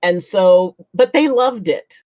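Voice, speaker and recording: A woman's voice: mid-range voice, expressive, slow, mellow, no echo. A woman, a chiropractor, guesting on a casual chat show and telling stories animatedly, acting out what people said and laughing often.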